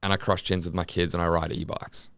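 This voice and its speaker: Deep gravelly young man. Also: quick pace, no room sound. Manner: crude, joking, animated storytelling. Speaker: podcast co-host. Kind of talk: casual comedic podcast chat.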